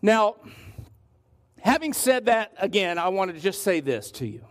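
Male pastor, high voice, emphatic sermon delivery with slow stressed words. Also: sing-song.

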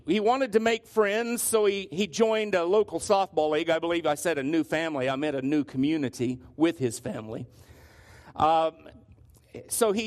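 A male pastor preaching a sermon, telling stories and often restarting his phrases. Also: high voice. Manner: storytelling with frequent restarts.

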